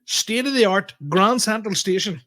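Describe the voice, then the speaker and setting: A young man with a Northern Irish accent, telling a story on a podcast in animated, sweary casual chat and acting out what people said. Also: high voice, normal speed. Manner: animated, swearing, acts out quoted exchanges. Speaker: podcast host.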